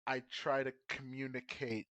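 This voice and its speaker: A man playing a tabletop game, talking earnestly and emotionally with many halting fillers. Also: mid-range voice, level tone, fairly bright tone, no room sound. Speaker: player. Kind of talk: casual tabletop role-play.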